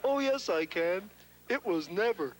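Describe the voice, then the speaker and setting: A man's voice: high-pitched, expressive, a little hiss or hum, rough recording. A man doing a naive, earnest boy puppet. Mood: innocent. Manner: slow, earnest and gullible. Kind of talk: puppet show acting.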